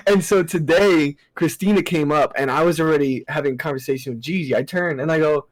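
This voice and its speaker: Young man, podcast co-host, animated storyteller, fairly high voice, dry sound. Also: a little fast, hardly any pauses, no room sound, poor audio. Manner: animated storytelling, laughing and acting out coworkers. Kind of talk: casual podcast chat. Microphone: podcast mic over internet call.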